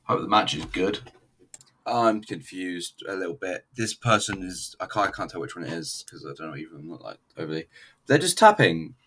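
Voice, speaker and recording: A man's voice: sits low, lively intonation, brisk, a bit bright, slight background noise. A man giving a casual, rambling, profane and self-mocking review of a wrestling show. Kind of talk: casual solo review commentary.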